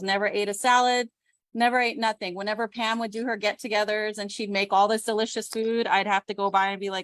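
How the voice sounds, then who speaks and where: A woman's voice: medium pitch, fairly quick, no room sound. A woman, a business owner and homeschooling mom, giving a chatty, self-deprecating testimonial on a video call. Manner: chatty, self-deprecating, animated quoted voices. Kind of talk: casual testimonial on a group call.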